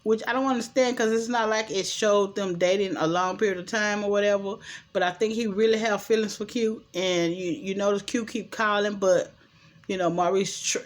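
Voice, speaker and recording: A woman, chattily recapping a TV drama episode and acting out the characters' lines. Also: medium pitch. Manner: chatty, animated retelling with quoted dialogue and opinions. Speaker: show recap host.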